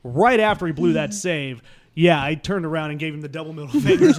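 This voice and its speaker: A man telling a comic story on a podcast, acting out the other people in it and swinging between loud bursts and hushed asides. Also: fairly high pitch, lively intonation, a little fast, hardly any pauses, a crowd in the background. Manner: acts out quoted voices, swings loud and soft. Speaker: podcast guest.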